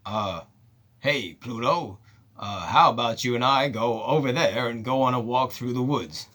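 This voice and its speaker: A man putting on a lazy, flat impression of a famous actor voicing a cartoon without any effort. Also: medium pitch, unhurried, pitched below the performer's own voice.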